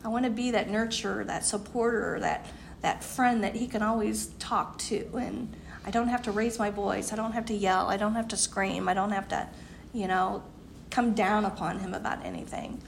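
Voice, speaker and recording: A woman's voice: medium pitch, fairly even intonation, moderate pace, gravelly, slight background noise. A woman in her fifties giving an earnest devotional talk, laughing now and then, losing her voice. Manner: earnest, laughs often, voice dips quiet at ends. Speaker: women's group speaker.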